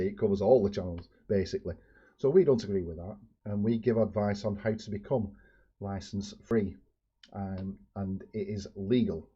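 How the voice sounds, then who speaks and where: A man's voice: fairly low pitch, dark tone, husky. A man from the UK, introducing a video in a chatty way on his channel. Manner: chatty, with fillers. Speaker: YouTube channel host. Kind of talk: casual vlog introduction. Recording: dull lo-fi sound.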